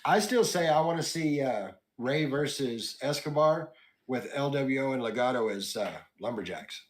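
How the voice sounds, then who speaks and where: A man hosting a wrestling podcast, recapping matches in relaxed, casual chat with quoted lines and asides. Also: medium pitch, moderate pace. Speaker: podcast host.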